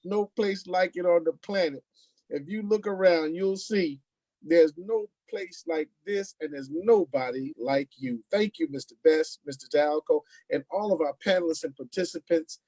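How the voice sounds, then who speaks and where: A man's voice: a little high, moderate pace, mellow, no echo. A man hosting a live online event, announcing in an upbeat, showman-like way over a video call. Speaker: event host.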